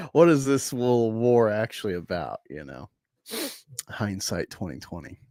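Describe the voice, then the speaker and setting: A man casually reviewing a comic book, animated and rambling, laughing often. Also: on the low side, slow, dry recording, studio quality.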